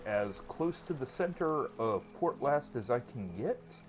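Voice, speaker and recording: A man's voice: mid-range voice, a little hiss or hum. A man hosting a let's-play, giving casual, chatty game commentary with joking asides. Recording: lo-fi with game music behind.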